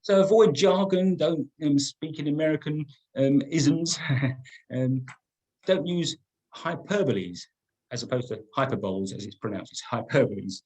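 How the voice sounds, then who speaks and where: A man's voice: a little high, a little slow, a little mellow, poor audio. A middle-aged man teaching a business-writing webinar, emphatic and often repeating words as he restarts. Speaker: business trainer.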